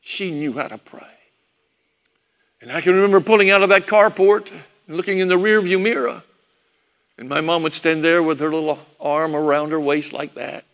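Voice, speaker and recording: A man's voice: fairly high pitch, fairly bright tone. A preacher telling a sermon story, reminiscing about his parents. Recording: long hall reverb.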